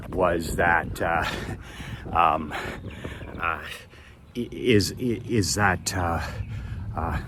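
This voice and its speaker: A man's voice: low voice, noisy background. A middle-aged man from Canada telling a casual, folksy story in a blue-collar manner, leaning on repeated words for emphasis. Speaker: business author and speaker. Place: outdoors by a garage in a gated community.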